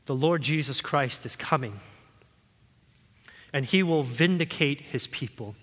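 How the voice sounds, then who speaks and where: A man preaching a sermon in a church hall, earnest and pleading, his voice swelling louder at key points. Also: a little high, a little slow. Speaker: pastor.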